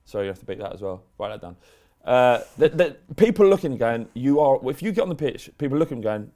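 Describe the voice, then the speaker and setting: A man co-hosting a podcast, chatting casually about football, animated and sweary, swinging between loud outbursts and low asides. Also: quick pace. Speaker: podcast co-host.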